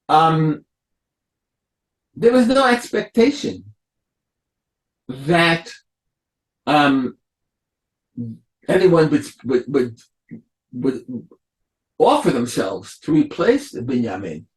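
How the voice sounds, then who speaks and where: A man, a rabbi, giving a Torah lecture, explaining slowly and acting out the quotes of biblical figures. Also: a little high. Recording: echoey room.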